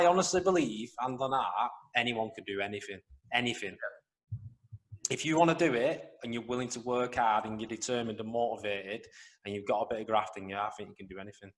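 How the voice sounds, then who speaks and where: Brief: young northern English male co-host, casual podcast banter, earnest and animated. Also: mid-range voice, brisk. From northwest England, near Wigan.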